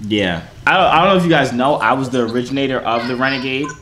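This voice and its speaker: A man's voice: mid-range voice, fast talker, a bit bright, slight background noise. A young man hosting his video channel, joking and teasing strangers in a casual video chat. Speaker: YouTuber host.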